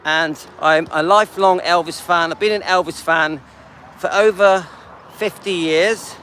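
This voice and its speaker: A man's voice: high voice, fairly even intonation, a little slow, pushed and bright, slight background noise. An older man hosting a casual live stream while walking outdoors through a seaside town, chatting and greeting viewers by name.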